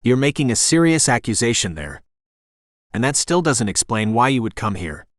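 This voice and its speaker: A man voicing a serious older small-town doctor with a slight Spanish accent, asking measured questions. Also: medium pitch, big pitch swings, no echo, clean studio sound, close to an everyday voice.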